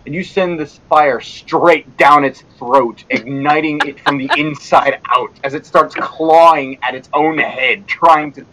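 A man's voice: a little slow, few pauses, background noise. An Australian man running a tabletop game as dungeon master, narrating scenes vividly over an online call. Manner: vivid descriptive narration, lively pitch.

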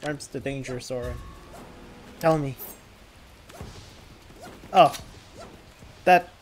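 A woman's voice: a bass voice, very slow, soft background music. A woman streaming a game, giggly and hyper, chatting playfully with her teammates. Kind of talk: casual gaming stream chat.

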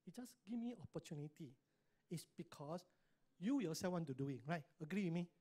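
This middle-aged Singaporean English speaker gives a motivational speech at a business meeting in a slightly high, mellow, breathy voice with lively intonation and a brisk pace. Emphatic throughout, he keeps pushing the crowd to agree, asking "right?" and "correct or not?"

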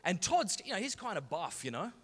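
Lively Australian man telling jokey stories. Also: high voice, fairly quick. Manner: animated, jokey, uses Aussie slang. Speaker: conference speaker. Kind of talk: humorous storytelling talk. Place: large conference hall. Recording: echoey large hall.

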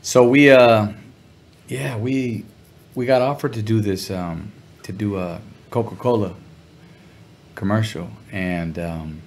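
A middle-aged man telling a story as an interview guest, relaxed and full of slang. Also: lowish voice, slow pace, slight background noise. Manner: laid-back, chuckling, heavy slang. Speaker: guest musician.

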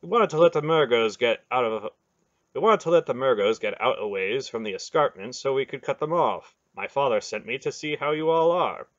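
A man doing a calm, hawk-faced horseman. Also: medium pitch, fairly quick, no room sound, lo-fi sound, voice pushed up, close to an everyday voice. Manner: calm, matter-of-fact.

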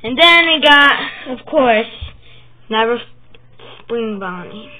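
A woman hosting a casual vlog, chatting and rambling as she shows her drawings, with the hiccups and bursts of excitement. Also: on the high side, takes it slowly. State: has the hiccups. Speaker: channel host showing her drawings. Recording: tinny phone-like sound with faint noise.

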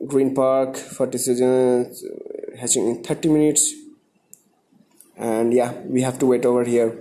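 A young man from India hosting a live stream, greeting viewers by name and repeating himself excitedly. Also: medium pitch, unhurried.

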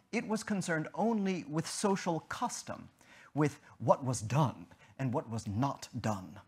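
Male lecturer, husky voice, slow and deliberate, lively rising and falling pitch. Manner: measured, deliberate delivery with emphatic stresses. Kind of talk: academic lecture.

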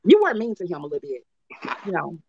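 A woman's voice: fairly low pitch, big pitch swings, fast, vocal fry, a crowd in the background. A woman interviewer asking probing, sympathetic follow-up questions. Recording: dull lo-fi clip audio.

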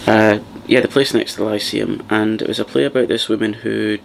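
A man hosting a soft-spoken ASMR chat, rambling and partly whispering as he talks. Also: fairly low pitch, fairly even intonation, fairly quick, gravelly, a little hiss or hum. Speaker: ASMR channel host.

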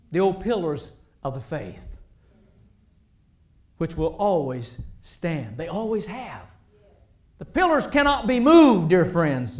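A male preacher delivering a sermon in a high-pitched voice. He talks in an animated way, pressing points hard and then dropping to quiet asides. The sound rings around an echoey church sanctuary. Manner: animated, rising and dropping between loud emphasis and quiet asides.

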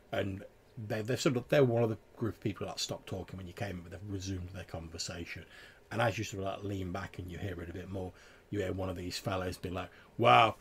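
Soft-spoken male game master. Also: a little hiss or hum. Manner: soft, low-key narration with many fillers. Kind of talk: narrating a tabletop game.

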